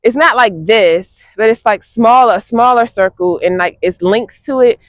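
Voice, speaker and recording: A young woman vlogs outdoors in a high, animated voice. She chats casually to her viewers and laughs often. Her voice sounds close and dry. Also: moderate pace, dry recording. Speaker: fitness vlogger. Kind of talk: casual vlog chat to viewers.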